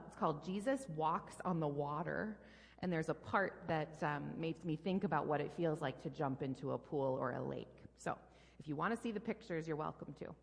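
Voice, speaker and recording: Female pastor, animated kids' story reading, long hall echo. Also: medium pitch. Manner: animated, playful sound effects for a child. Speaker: pastor leading a children's message. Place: church sanctuary. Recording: long reverb in a large hall.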